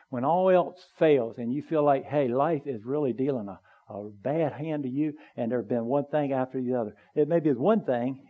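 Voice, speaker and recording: A man preaching a sermon in a church, earnest and conversational, building to emphatic pleas and dropping to soft, quiet appeals. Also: medium pitch, narrow, tinny audio. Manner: conversational with small asides. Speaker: pastor. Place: church sanctuary, also live streamed.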